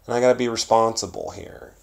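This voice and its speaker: A young man vlogging in a casual, profane, rambling monologue, going from loud bursts to mumbles. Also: medium pitch, quick pace. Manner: profane, animated, swings between loud and mumbled.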